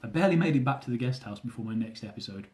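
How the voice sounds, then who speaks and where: A young man reading from his own travel memoir with a dry, self-mocking wit. His voice is warm and mellow, sitting in an ordinary middle pitch for a man. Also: lively intonation, racing.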